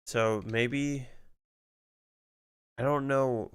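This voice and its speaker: Slow, smooth-voiced man streamer muttering. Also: mid-range voice, fairly even intonation. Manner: mutters and swears while puzzling out crossword clues. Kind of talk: casual stream commentary, thinking aloud.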